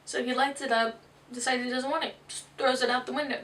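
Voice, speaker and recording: A woman's voice: sits high, fairly even intonation, fairly bright tone. A woman interpreter voicing signed jokes in a storytelling way. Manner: storytelling, brisk joke delivery. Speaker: sign language interpreter. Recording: distant mic.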